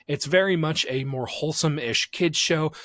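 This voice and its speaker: Young man, podcast co-host, animated delivery, dry close sound. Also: a little high, moderate pace, dry recording. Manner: animated, laughs often, slips into silly voices. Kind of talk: casual podcast chat.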